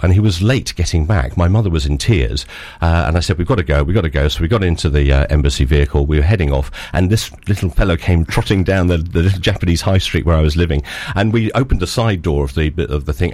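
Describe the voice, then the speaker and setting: A man's voice: sits low, a little mellow, no echo. A man in his sixties from Scotland with an English accent, telling rambling anecdotes with dry humour as a radio guest. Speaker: interview guest, former diplomat. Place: radio studio.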